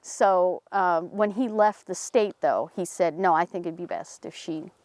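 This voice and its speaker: A woman's voice: unhurried, dry recording. A woman outdoors in a cemetery, telling a story casually and acting out the voices of the people in it. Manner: animated, acts out quoted voices in a higher pitch. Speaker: paranormal team member telling a local story.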